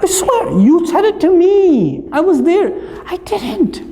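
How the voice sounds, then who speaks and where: A man voicing a young child who whines and protests that he never lied, in teary high protests. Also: very animated, slow, dark tone, slight background noise, full character voice. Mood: whiny denial. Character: young child denying a lie, whiny. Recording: long hall reverb.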